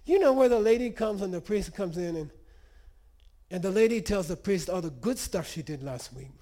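A cheerful, wonder-struck lama, as a man puts him on, full of eager exclamations and asking about everything he sees. The voice is pushed up higher than a plain speaking voice. Its tone stays mellow. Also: lively intonation, moderate pace. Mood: delighted, curious. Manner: wide-eyed, eager exclamations. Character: cheerful, curious male Buddhist lama.

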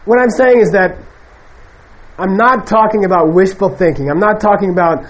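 Male Buddhist teacher, higher pitched, loose and animated lecture delivery. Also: normal speed, dull audio. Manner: conversational, animated, acts out quoted people. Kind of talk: casual spoken dharma lecture.

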